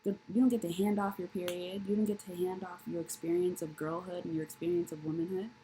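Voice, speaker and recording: A woman's voice: fairly low pitch, flat delivery, fast, background noise. A woman reading tarot cards in a casual monologue, delivering blunt, profane tough love with emphatic repetition and rhetorical questions. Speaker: tarot reader.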